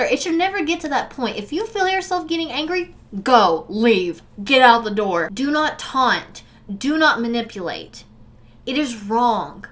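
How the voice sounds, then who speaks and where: A woman's voice: high-pitched, expressive, normal speed. Earnest young woman speaking to viewers. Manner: earnest and emotional, addresses viewers directly; swings from forceful urging to soft, subdued recollection. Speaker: vlogger sharing a personal story. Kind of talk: candid direct-to-camera storytelling.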